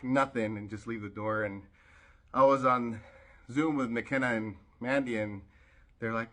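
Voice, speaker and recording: Bright-voiced man telling a story casually. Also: moderate pace. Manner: animated storyteller, voices others with sudden pitch jumps, many fillers. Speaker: vlogger.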